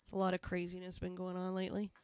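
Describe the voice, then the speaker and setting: A woman's voice: fairly low pitch, monotone, quick pace, darkish tone, smooth, no echo, clean studio sound. A woman with a Southern US accent hosting a live music stream, chatty and teasing, laughing often. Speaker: host of a live music show. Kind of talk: casual live-stream chat.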